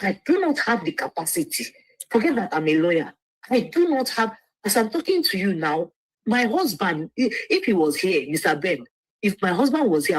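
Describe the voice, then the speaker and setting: A woman's voice: medium pitch, husky, no echo, poor audio. A woman, a lawyer speaking as a guest on a livestream, earnest and often restarting her words. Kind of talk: livestream interview.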